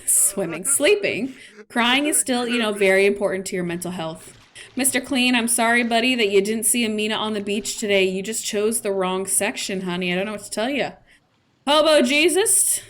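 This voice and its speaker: A woman streamer chatting playfully through casual gameplay commentary. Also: a little high. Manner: chatty, playful, with laughs and fillers.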